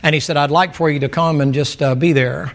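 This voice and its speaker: A man's voice: on the high side, fairly even intonation, brisk. A man preaching a sermon, folksy and joking, calling out to the congregation for responses. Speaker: pastor.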